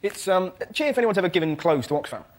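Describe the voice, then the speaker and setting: Male stand-up, high lively voice, fast, noisy studio. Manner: animated, shouty character voices. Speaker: comedian. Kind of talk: stand-up routine.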